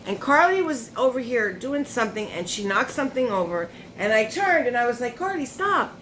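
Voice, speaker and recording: A woman beauty vlogger chatting casually at her makeup table while unboxing products, telling stories with animated asides to her viewers. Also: on the high side, a little fast, slight background noise.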